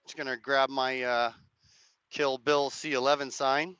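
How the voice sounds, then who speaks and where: Hoarse man streaming from a rally. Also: medium pitch, little pitch movement, unhurried, a bit bright, no echo, highs cut off. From Canada. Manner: rambling, hedging, chats to viewers' comments. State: hoarse, cracked voice. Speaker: live streamer. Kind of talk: casual live-stream commentary. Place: outdoors at a street rally.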